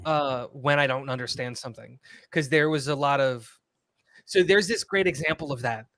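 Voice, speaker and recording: A man's voice: medium pitch, moderate pace, fairly bright tone, no room sound, clean studio sound. A man co-hosting a casual livestream chat, rambling and filling gaps with "um" and "like".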